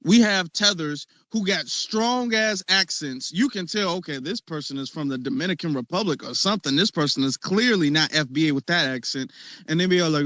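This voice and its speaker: A man hosting a casual online discussion, animated and mocking as he acts out the people he criticizes. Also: fairly high pitch, brisk, no echo. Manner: animated, mocking quoted voices.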